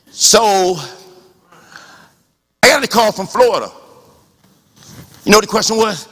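A man preaching a sermon as pastor, talking conversationally with rhetorical questions and rising to shouts. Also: high voice, big pitch swings, a little slow, long pauses, husky, in a large hall.

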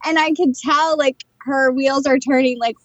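A woman co-hosting a podcast, telling stories in a chatty, animated way about her work as a psychic and channeler. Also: high-pitched, normal speed, no room sound, muffled recording. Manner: chatty storyteller, animated retelling of conversations. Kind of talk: casual chat.

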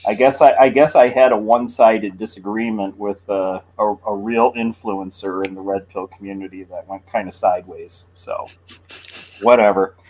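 Low-voiced man, halting and hesitant. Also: fairly even intonation, a little mellow, poor audio. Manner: halting, hesitant, many fillers and restarts. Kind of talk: casual chat.

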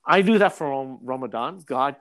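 A man in casual podcast chat, a salesperson telling jokey stories with an animated delivery. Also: moderate pace. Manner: animated joking storyteller, swings pitch widely.

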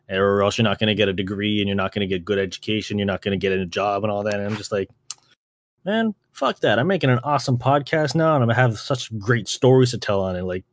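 A young man from Canada hosting a podcast, telling stories in a casual chat, swearing often and acting out quotes in a higher voice. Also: no echo, clean studio sound. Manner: laid-back, swears a lot, acts out quotes with a jump in pitch. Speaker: podcast host.

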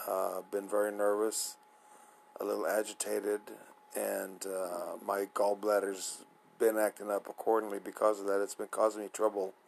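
A man's voice: on the low side, flat delivery, moderate pace, vocal fry, a little hiss or hum, low-quality recording. A man hosting his own talk show, speaking in a rambling, hesitant way with many fillers, sleepy and nervous. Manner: nervous, apprehensive. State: sleepy, yawning. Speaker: podcast host. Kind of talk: casual solo monologue.

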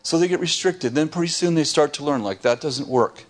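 A man who is a pastor, telling a lively story on a podcast, laughing often and restarting his sentences. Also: on the high side, a little fast.

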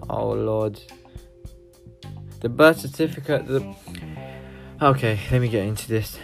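A man reading news articles aloud, stopping often for sighing, halting asides. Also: medium pitch, vocal fry, faint music behind. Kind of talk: casual news reaction.

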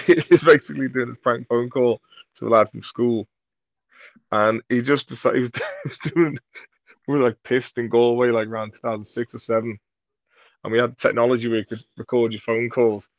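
A man from Merseyside, a comedy creator, telling rambling sweary anecdotes in a relaxed interview. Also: medium pitch, no echo, highs cut off. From Merseyside, England. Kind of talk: casual storytelling in an interview.

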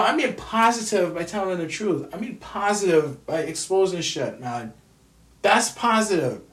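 With a high voice and a distant microphone, a male vlogger airs his frustrations on camera through a sweary, repetitive rant. Room echo is clearly audible.

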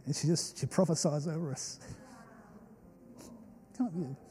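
A man's voice: fairly high pitch, a little slow, dark tone, slight background noise. An Australian man in his young adult years, preaching a sermon and telling stories in an earnest, emotional way, with many fillers and restarts. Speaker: pastor. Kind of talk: storytelling sermon. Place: church hall. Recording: long church hall reverb.

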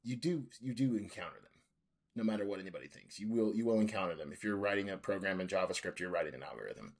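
A man's voice: low voice, lively intonation, fast talker, slightly rough. A man giving emphatic, encouraging advice as a guest on a casual podcast. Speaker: guest, junior developer.

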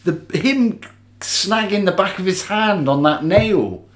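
A man's voice: high voice, takes it slowly. A man co-hosting a podcast, chatting casually and jokily about a horror film. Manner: animated, jokey, swearing and laughing. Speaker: podcast co-host. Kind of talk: casual film-discussion chat. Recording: echoey room.

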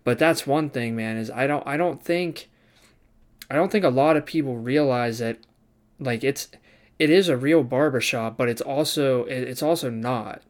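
Smooth-voiced young man telling a story. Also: mid-range voice, normal speed. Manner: animated, swears casually, acts out quoted people. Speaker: barber student. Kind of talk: casual storytelling vlog.

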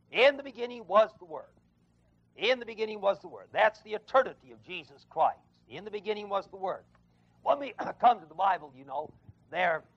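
A man giving an emphatic Bible lecture to an evening class, repeating and stressing key phrases and chuckling at his own stories. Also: high-pitched. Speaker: Bible teacher. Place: evening adult education class at a college. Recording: dull, lo-fi 1970s tape of a dry classroom.

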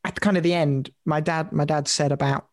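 Young man, podcast co-host, animated casual chat, dry sound. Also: fairly high pitch, moderate pace, dry recording. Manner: animated, swearing, laughing often.

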